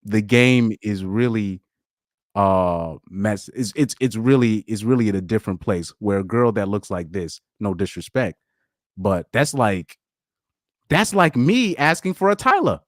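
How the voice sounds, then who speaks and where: A man hosting a casual live stream chat, talking in an animated, rambling way, with frequent laughs and repeated words. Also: lowish voice, unhurried, no echo, clean studio sound. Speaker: podcast host.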